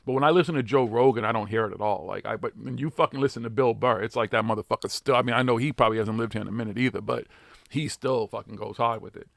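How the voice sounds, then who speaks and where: A man's voice: mid-range voice, quick pace, vocal fry, no room sound, clean studio sound. A man with a Boston accent hosting a live radio talk show, chatting casually, swearing a lot and laughing often. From Boston area. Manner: profane, animated, laughing often.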